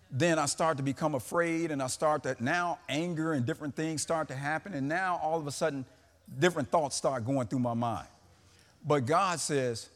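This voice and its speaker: A man preaches to his congregation with a high voice. He builds fervent, rhythmic appeals and presses the crowd to say the words back. His voice rings with a long church-hall reverb. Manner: preaching with rising fervor and call-and-response. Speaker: pastor. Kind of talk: sermon.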